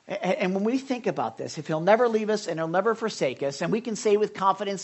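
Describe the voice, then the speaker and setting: A man's voice: high-pitched, very animated, brisk, hardly any pauses. A male pastor preaching in a loose, conversational way, full of stories, fillers and restarts. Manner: rambling, anecdotal, many fillers and restarts. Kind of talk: conversational sermon.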